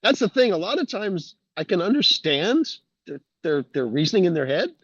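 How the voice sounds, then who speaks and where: A man's voice: high-pitched, sing-song, moderate pace, a bit bright, husky, no echo. A man chatting as a guest on a casual talk show, easygoing with hesitant fillers. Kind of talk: casual podcast chat. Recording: dull lo-fi dry mic.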